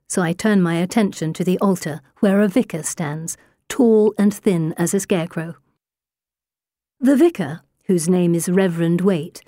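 Warm, low-voiced woman narrating an audiobook. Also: dry recording, clean studio sound. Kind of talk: first-person audiobook narration.

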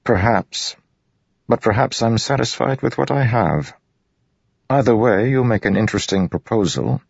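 A man voicing a wary, proud high prince who speaks skeptically and evasively, on a muffled audiobook recording. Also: lively intonation, normal speed, no room sound. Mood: guarded. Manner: skeptical, guarded, smoothly evasive.

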